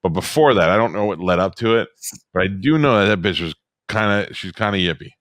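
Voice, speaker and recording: A man with a low voice co-hosts in loose chat. He is blunt and sardonic and swears freely. The sound is dry and close. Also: fast, fairly bright tone, no room sound. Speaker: podcast co-host. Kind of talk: casual profane chat.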